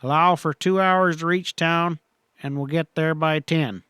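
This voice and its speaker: A man's voice: on the high side, steady tone, a little slow, sharp tone, clear, resonant tone, no echo, clean studio sound. A man reading a western audiobook, voicing a curt, commanding outlaw gang leader. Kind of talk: audiobook character voice.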